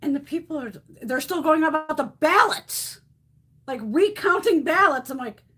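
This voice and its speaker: A woman's voice: high-pitched, lively intonation, normal speed, bright, forceful tone. A woman hosting a casual live stream, ranting bluntly and profanely, reacting to chat comments as she goes. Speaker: beauty livestream host.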